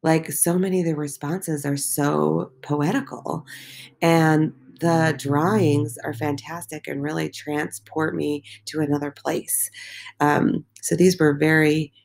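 A woman's voice: sits low, flat delivery, takes it slowly, gravelly, darkish tone. A woman teacher walking her middle school class through the day's posts, encouraging, with many filler ums. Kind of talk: recorded class walkthrough.

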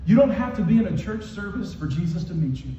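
A male pastor delivers a sermon with emphatic, repetitive phrasing, his high voice dark and mellow in tone. He shifts from raised, near-shouted lines to quiet ones. The sound is dull and comes from far off in a very echoey church hall. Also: lively intonation, fast, a little hiss or hum. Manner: emphatic, repetitive preaching that swings from shouting to soft.

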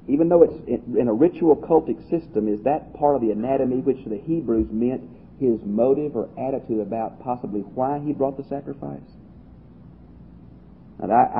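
A man's voice: medium pitch, slight background noise. A man teaching a Bible study in a homespun, conversational way, reading verses aloud and then explaining them. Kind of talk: folksy Bible study lecture. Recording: tinny phone-like audio.

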